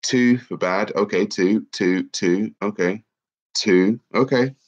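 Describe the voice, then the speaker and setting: Bunged up with a cold, a man hosts a casual livestream in a fairly low pitch at a slow pace, reading viewer comments aloud. He's lively and chatty despite the congestion, and the stream audio is dull and lo-fi.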